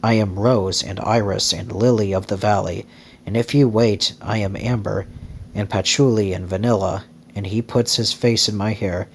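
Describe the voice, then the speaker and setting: A man's voice: on the low side, steady tone, slight background noise, natural voice. A man reading as a dreamy starlet. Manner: slow, rapturous, incantatory. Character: dreamy glamorous young actress, woman.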